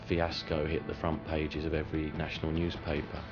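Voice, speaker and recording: A man reminiscing in an interview, speaking deliberately with ums and uhs. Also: extremely low pitch, completely flat delivery, lo-fi sound, over music. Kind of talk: measured reminiscing.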